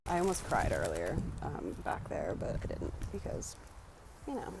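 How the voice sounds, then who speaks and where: A woman's voice: a bass voice, wildly swooping pitch, moderate pace, creaky. A young woman vlogging outdoors, nervously chatty and self-aware, leaning on "like" and "literally" as she talks through her anxiety. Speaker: vlogger doing exposure therapy. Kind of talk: casual vlog talk to camera. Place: outdoors on a city street and in a graveyard. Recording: outdoor street noise with traffic.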